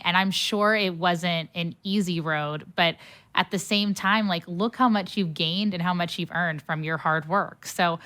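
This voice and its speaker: A woman's voice: lowish voice, fairly bright tone. Young female podcast host, casual and giggly. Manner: chatty, laughing, many fillers. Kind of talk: casual interview chat.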